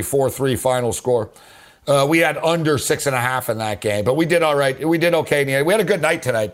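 A man hosting a sports betting radio show, talking in a loose, slangy, excitable ramble that keeps interrupting itself. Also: a little high. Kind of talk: casual rambling radio talk.

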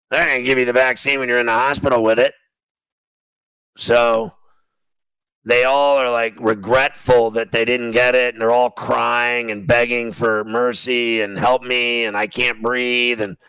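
Male talk host, blunt ranting monologue, crisp and resonant, dry close sound. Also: mid-range voice, pushed and bright, no room sound, rough recording. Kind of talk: opinionated sports talk monologue.

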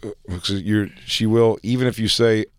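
A man's voice: fairly low pitch, fairly even intonation, moderate pace, smooth, dry recording. A man co-hosting a radio talk show, trading crude, teasing jokes in casual comedic banter from a studio mic. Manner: crude, teasing, jumps into loud joking voices. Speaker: co-host.

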